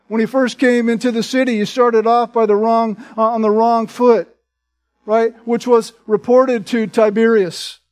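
A man with a high, light voice delivers an expository sermon. He reads scripture aloud and then explains it in plain, direct terms. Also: a little mellow. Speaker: pastor.

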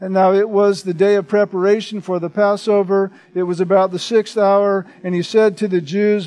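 High-voiced man preaching an expository sermon. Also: little pitch movement, normal speed, few pauses, a little mellow. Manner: reads scripture aloud, then explains it plainly. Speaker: pastor.

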